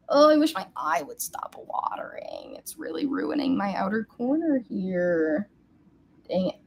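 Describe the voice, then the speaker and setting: A woman's voice: mid-range voice, wildly swooping pitch, a little slow, slightly rough, highs cut off. Bubbly young woman chatting to webcam. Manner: chatty and bubbly, squeals at comments and her cat. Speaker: beauty vlogger. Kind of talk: casual get-ready-with-me chat.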